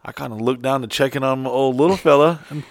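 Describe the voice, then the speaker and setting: A man's voice: medium pitch, fast talker. A man telling a crude story in casual chat, profane and rambling, full of fillers and restarts.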